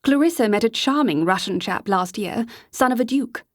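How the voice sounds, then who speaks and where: A woman's voice: a little high, animated, normal speed, dry recording, clean studio sound. A woman narrator voicing an older aristocratic lady who speaks in a genteel, polite way. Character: older aristocratic English lady, proper mother.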